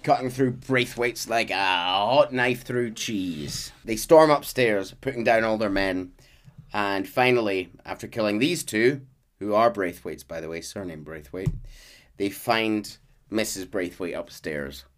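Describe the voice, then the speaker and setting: A man on a podcast, casually retelling a game's plot with lively bursts and fillers. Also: lowish voice, unhurried. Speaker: podcast host recapping a game story. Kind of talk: casual storytelling recap.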